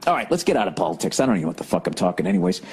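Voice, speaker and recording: A man's voice: low voice, very animated, very fast, darkish tone. A man hosting a podcast, delivering a profane, exasperated comedic rant in casual chat. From United States. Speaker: podcast host.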